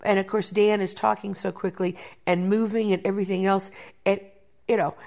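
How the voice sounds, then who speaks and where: A woman producer in an interview, telling backstage stories in a lively way and often repeating words as she thinks. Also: mid-range voice, normal speed, vocal fry. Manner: animated storyteller, repeats words while thinking. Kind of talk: interview conversation.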